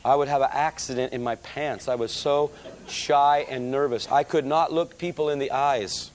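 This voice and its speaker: A middle-aged man preaching, telling his conversion story in a lively storytelling manner and calling the audience folks. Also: mid-range voice, normal speed, a little hiss or hum. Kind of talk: testimony sermon.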